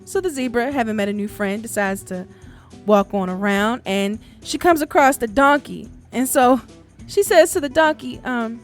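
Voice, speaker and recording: A woman's voice: a little high, measured pace, soft background music. A woman hosting a podcast, telling folk tales in a casual, chatty way and laughing often. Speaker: podcast host and storyteller.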